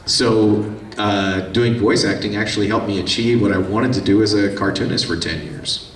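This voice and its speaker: Chatty man, low, echoey hall. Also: moderate pace. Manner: chatty, animated, acts out quoted voices. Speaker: voice actor on a convention panel. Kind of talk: casual storytelling with audience questions. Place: convention panel room. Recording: echoey room, distant mic, faint hiss.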